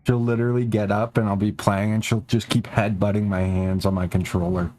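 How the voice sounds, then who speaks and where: A man's voice: level tone, fairly quick, darkish tone. A young man streaming a game, chatting casually and rambling, swearing a lot and talking to his cats. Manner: rambling, profane, talks to his cats in a high baby voice.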